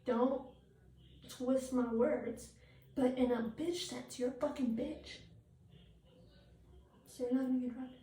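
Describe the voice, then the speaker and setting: Woman, high voice, blunt profane rant, makeup vlog, echoey room, distant mic. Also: steady tone, takes it slowly, long pauses, warm tone. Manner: trailing off with fillers. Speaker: vlogger. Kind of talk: get-ready-with-me rant. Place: at home doing her makeup.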